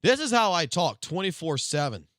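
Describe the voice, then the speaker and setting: A young man with a South Louisiana Cajun accent rants on a live stream, loud, emphatic and full of swearing. His voice is bright and animated, leaping up and down in pitch. The sound is dry and close. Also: moderate pace, no echo. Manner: loud, emphatic and profane, swinging between loud and low-key. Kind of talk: casual stream rant.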